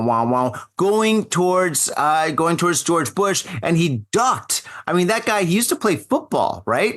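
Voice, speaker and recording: A man's voice: high-pitched, fairly bright tone. Rambling, joking man hosting a podcast. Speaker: podcast host. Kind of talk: casual live podcast chat. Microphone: video call.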